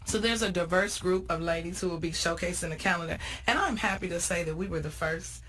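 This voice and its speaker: A woman's voice: fairly low pitch, fairly quick, fairly bright tone, rough recording. A woman from the area, a guest on a talk show, talking enthusiastically about an event she organizes. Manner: enthusiastic, promotional, laughs easily. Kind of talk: casual interview chat.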